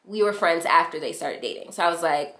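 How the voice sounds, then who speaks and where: A young woman vlogger telling a storytime in casual chat, animated and slangy, acting out what others said. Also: lowish voice, fairly quick. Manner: animated, slangy, acts out quotes. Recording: echoey room.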